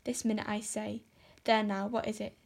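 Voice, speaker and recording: A woman reading aloud and voicing a stern, sharp-tongued middle-aged woman who scolds briskly. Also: mid-range voice, level tone, vocal fry. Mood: scolding. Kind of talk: audiobook character voice.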